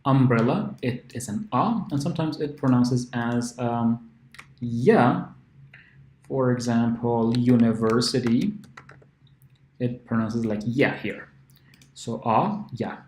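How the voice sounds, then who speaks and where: Slow, patient male English teacher. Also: mid-range voice, a little mellow, a little hiss or hum. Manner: patient, repeats example words slowly. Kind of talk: phonics lesson explanation. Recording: echoey room.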